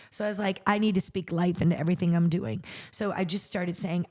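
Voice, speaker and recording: A middle-aged woman, a charity founder, telling her personal story on a podcast in an earnest, animated way, acting out what people said. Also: mid-range voice, moderate pace. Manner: earnest, animated retelling with acted-out quotes.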